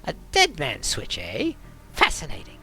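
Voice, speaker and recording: A man's voice: mid-range voice, wildly swooping pitch, a little slow, gravelly, music in the background, pitched above the performer's own voice, exaggerated voice, rough recording. A man voicing a chatty, dryly ironic male dwarf coroner in a game. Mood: wry.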